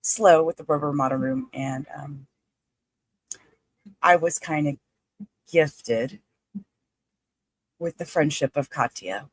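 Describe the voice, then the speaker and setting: A woman, hosting a livestream in a chatty, halting, excitable way. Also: deep voice, husky, low-quality recording. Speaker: livestream host. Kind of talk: casual livestream chat.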